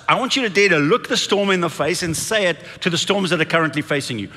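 An impassioned male preacher whose high, bright voice swings widely as he builds each point. He drives the congregation to repeat lines back to him. His words ring out with a long reverb in a large church hall. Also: very animated, fairly quick. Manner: impassioned, dramatic build-ups with congregation call-and-response. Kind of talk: sermon.

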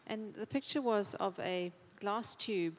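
A woman's voice: medium pitch, measured pace, in a large hall. A woman from the congregation tells of a vision in an earnest, plain way. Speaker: congregation member sharing a vision. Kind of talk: testimony. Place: church.

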